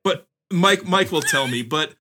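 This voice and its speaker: A man's voice: a little high, measured pace, noisy background. A man co-hosting a music podcast, chatting casually and hedging his points with lots of "like". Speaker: podcast co-host presenting a list. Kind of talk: casual chat. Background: music playing.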